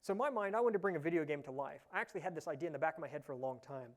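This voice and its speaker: A fairly high-voiced man presents a tech talk at a conference. He speaks in a relaxed, chatty way and fills pauses with "uh" and "um". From Ohio, USA. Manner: relaxed, chatty, many "uh" fillers. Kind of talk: casual tech talk with live demo. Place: conference session room.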